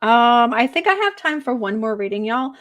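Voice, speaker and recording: A woman working as a psychic medium in a live online reading, speaking gently and emotionally and pausing often with fillers. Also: on the high side, sing-song.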